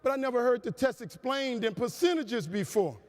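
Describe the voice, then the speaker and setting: A man's voice: extremely high pitch, expressive, a little fast, slight background noise. A man voicing a stern but caring woman teacher who scolds her student firmly, in a speech. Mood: scolding. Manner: firm, scolding. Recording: long hall reverb.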